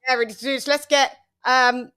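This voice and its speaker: A woman's voice: high-pitched, steady tone, fairly quick. A woman hosting a casual livestream chat, playful, with sing-song hype introductions. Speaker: host.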